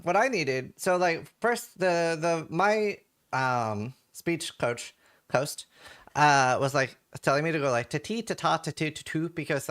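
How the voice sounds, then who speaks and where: Here the young Norwegian streamer, accent clearly Norwegian, casually rambles through patch notes and his viewers' chat. His voice is a little high with a fairly bright quality.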